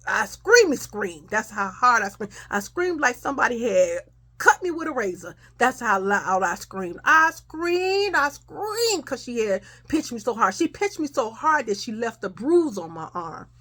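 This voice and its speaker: A young adult woman casually telling a childhood story to her viewers, animated and chatty. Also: fairly high pitch, normal speed. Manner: animated, addresses viewers as y'all.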